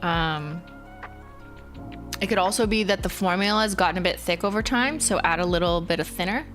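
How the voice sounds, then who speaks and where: A woman's voice: lowish voice, brisk, a bit bright, soft background music. A Canadian woman in her thirties hosting a casual livestream, chatting and answering viewers in a laid-back, filler-heavy way with a slight Canadian accent. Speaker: livestream host.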